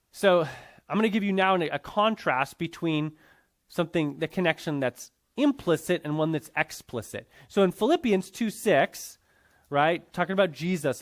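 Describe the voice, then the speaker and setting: Lively high-voiced man teaching a class. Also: unhurried. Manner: conversational, checks in with students often. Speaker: Bible teacher. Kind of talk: classroom lecture.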